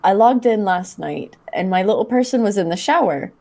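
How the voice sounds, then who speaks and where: A woman co-hosting a casual podcast chat, wry and quick to laugh. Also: mid-range voice, animated, warm tone. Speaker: podcast co-host.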